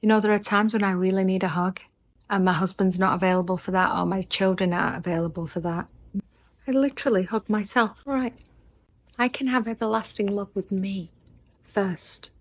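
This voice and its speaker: A woman's voice: medium pitch, moderate pace. Earnest woman coaching on lasting love. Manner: earnest, intimate, drops to soft near-whispers for emphasis. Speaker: relationship coach. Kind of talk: heartfelt advice monologue.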